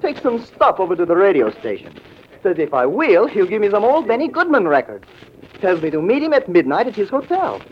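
An actor playing an eager young piano player who talks in jive slang in 1940s radio acting. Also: male voice, high voice, wildly swooping pitch, a little fast, slight background noise. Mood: chatty jive. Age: young adult. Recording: dull old radio recording.

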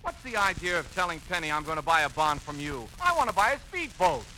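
A stubborn young fellow who is easily pushed around. His voice is high for a man and sounds plaintive and flustered. The recording is a hissy 1940s radio broadcast. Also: big pitch swings, quick pace, bright, forceful tone, low-quality recording. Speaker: comic lead. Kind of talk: 1940s radio comedy acting.

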